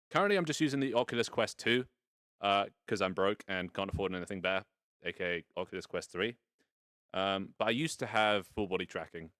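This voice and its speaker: A man's voice: low-pitched, bright, forceful tone, no room sound, studio quality. A man casually hosting a live stream from inside virtual reality, rambling and playful with some casual swearing. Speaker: VR streamer hosting a fashion show. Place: indoors in a home VR setup.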